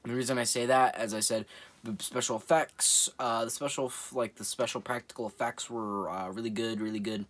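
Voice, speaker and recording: A man talks through a movie review in a loose, rambling way. He keeps laughing at what he describes and swears casually. His voice sits at an ordinary middle pitch. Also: fairly even intonation, a little fast, fairly bright tone.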